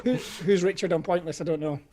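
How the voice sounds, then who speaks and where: A British man sits on an online quiz panel, talking in a loose, rambling way. He laughs easily and muses out loud when he guesses answers. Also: high-pitched, steady tone, fast talker, a little hiss or hum. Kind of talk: casual online quiz chat.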